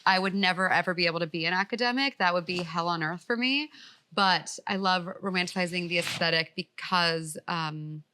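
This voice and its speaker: A woman's voice: fairly low pitch, brisk, bright, forceful tone, slight background noise. A woman in her thirties from Texas, a guest chatting casually and joking at her own expense, with lots of "like". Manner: chatty, self-mocking, lots of "like". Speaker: guest, comedian. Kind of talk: casual chat.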